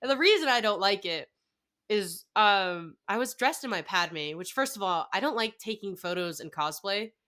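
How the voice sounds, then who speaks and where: A young woman guest on a podcast, telling a story in casual chat. She gushes excitedly and fills her talk with "like". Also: medium pitch, moderate pace. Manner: excited, gushing storytelling full of "like".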